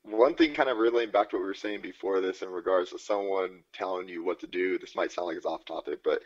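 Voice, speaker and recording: A man's voice: deep voice, fast talker. A man co-hosting a podcast in casual chat, telling stories in a laid-back way with swearing and easy laughs. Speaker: podcast co-host. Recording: dull lo-fi podcast audio.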